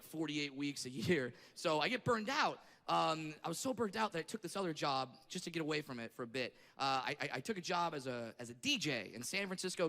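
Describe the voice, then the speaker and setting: A middle-aged man from Southern California doing a stand-up set on stage, brash and profane, shouting his punchlines. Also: a little high, long reverb tail. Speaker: stand-up comedian. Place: comedy stage before a laughing audience. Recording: live stage sound with audience noise.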